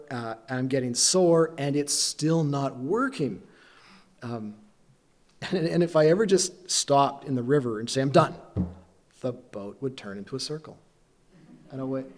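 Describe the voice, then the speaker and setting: A man preaches a sermon in an easygoing, conversational voice that sits at an ordinary middle pitch. He tells his story loosely and pokes fun at himself, sounding like a pastor talking with his congregation rather than lecturing them. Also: darkish tone. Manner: conversational storytelling with self-deprecating humor.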